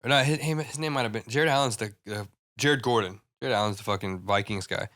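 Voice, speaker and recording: A young man co-hosting a podcast in casual chat, excitable, swearing often and laughing a lot. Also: mid-range voice, a little fast, dry recording, clean studio sound. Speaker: podcast co-host.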